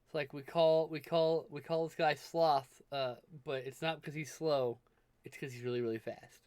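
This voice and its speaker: A man co-hosting a livestream chats casually while drawing, rambling, swearing freely, and trailing off mid-sentence. His voice is on the high side yet darkish, steady, normal in speed, and clear and resonant with no echo.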